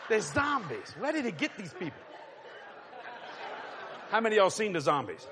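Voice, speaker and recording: A man preaching a storytelling sermon, animated and laughing, sometimes dropping to a hush. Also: high-pitched, brisk, pauses often, a crowd in the background, background noise. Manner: animated, laughing storyteller with sudden hushed drops.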